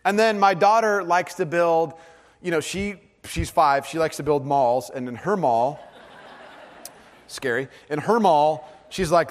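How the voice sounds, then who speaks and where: A man in his thirties preaching a sermon, earnest, moving between hushed and animated storytelling. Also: fairly high pitch, unhurried. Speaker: pastor. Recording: hall with long reverb.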